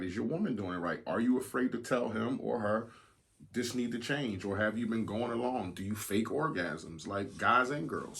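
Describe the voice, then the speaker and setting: A man with a very deep voice co-hosts a podcast with his wife. He talks in a loose, slangy, playful way and cracks jokes. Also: creaky, fairly bright tone. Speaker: podcast co-host. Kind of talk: casual chat.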